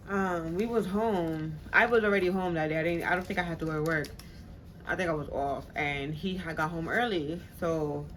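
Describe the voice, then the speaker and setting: A woman's voice: lowish voice, fairly bright tone, slight background noise. A woman vlogger telling a personal story in casual, slangy talk. She swears freely and acts out the people she quotes.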